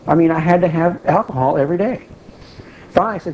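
Plain-spoken man preaching, mellow lo-fi. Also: a little high, fast, slight background noise. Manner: plain-spoken, repeats phrases for emphasis, asks the audience questions. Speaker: preacher teaching a group. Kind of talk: informal sermon.

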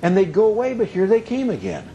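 A man's voice: high voice, sing-song, fast talker, vocal fry, mellow, highs cut off. Folksy man teaching a Bible lesson. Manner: folksy, repetitive teaching with asides. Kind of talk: conversational sermon.

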